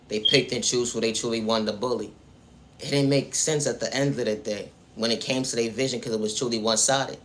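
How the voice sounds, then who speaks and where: A man's voice: on the low side, fairly bright tone, a little hiss or hum. A man delivering a preachy motivational monologue about faith and self-worth, speaking straight to the viewer and returning again and again to the same refrains. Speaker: spiritual vlogger.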